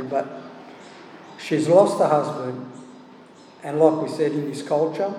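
A man's voice: fairly high pitch, a little mellow, slight background noise. A man giving a conversational sermon, often stopping for "you know" asides. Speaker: preacher. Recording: echoey hall, heard from a distance.

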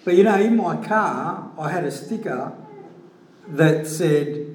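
Middle-aged man, earnest chatty storyteller, slightly higher pitch. Distant in an echoey room with faint ambience. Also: lively intonation, slow pace, darkish tone, slight background noise. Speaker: Christian giving a personal testimony. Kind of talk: casual spoken testimony storytelling.

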